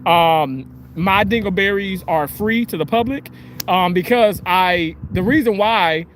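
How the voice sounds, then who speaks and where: A man with a voice on the high side hosts a casual livestream over some background noise. He reads out viewer comments in a crude, giggly, playful manner.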